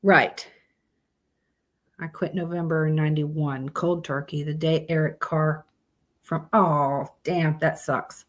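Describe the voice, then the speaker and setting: A woman's voice: deep voice, fairly even intonation, slow. A woman, hosting a casual live stream, blunt and profane as she chats with her viewers.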